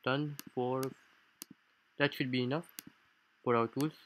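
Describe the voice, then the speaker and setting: A man's voice: medium pitch, steady tone, measured pace, fairly bright tone, a little hiss or hum, rough recording. A man with a non-native English accent gives a let's-play commentary on a game, explaining things in formal, slightly stilted phrasing. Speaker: gaming YouTuber. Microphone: low-quality home mic.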